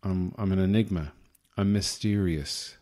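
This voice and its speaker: A man's voice: low voice, a little slow, mellow. An Irish man hosting a podcast, delivering a rambling, self-deprecating comic monologue with a wry manner. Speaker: podcast host.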